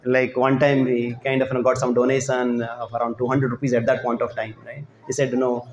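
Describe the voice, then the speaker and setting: A man's voice: mid-range voice, level tone, fairly quick, few pauses, slight background noise. Man lecturing in an echoey space. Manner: fills with "you know" and "right?", acts out quotes. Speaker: devotional speaker. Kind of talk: storytelling lecture on a pilgrimage.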